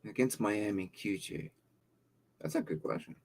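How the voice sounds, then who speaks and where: A man's voice: on the low side, lively intonation, normal speed, darkish tone. Rambling casual live-stream host, man. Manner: thinks aloud, reading viewer questions, with many fillers and repeats. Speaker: livestream host answering fantasy football questions.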